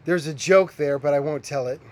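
A man preaching a sermon as a pastor, conversational, with animated storytelling. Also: fairly high pitch, a little fast.

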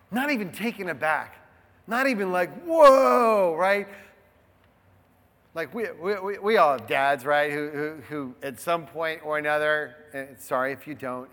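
A man's voice: a little high, fairly bright tone, big-room sound. A man preaching a sermon in a casual, conversational way, with frequent rhetorical asides to the congregation. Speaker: pastor.

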